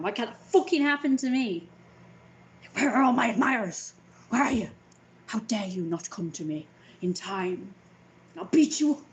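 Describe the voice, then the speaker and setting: A woman's voice: mid-range voice, darkish tone, muffled recording. A woman in her thirties in a casual, sweary vlog rant, wry and self-mocking and often laughing. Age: 30s.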